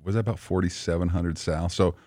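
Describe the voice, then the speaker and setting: A middle-aged man with an extremely deep voice hosts a podcast, speaking in a measured, unhurried way with frequent ums. The sound is dry and close, with no room echo. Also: steady tone, darkish tone. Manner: measured, rambling, full of fillers. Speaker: podcast host. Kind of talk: casual podcast interview.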